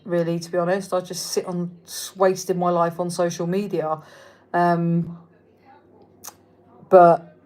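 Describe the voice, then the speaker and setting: Casual southern english woman on a livestream, a bit low-voiced, chatty and sweary, answers viewer comments. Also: darkish tone. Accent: Reading, southern English. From England. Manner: chatty, frank and swearing, loses her thread. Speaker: livestream host.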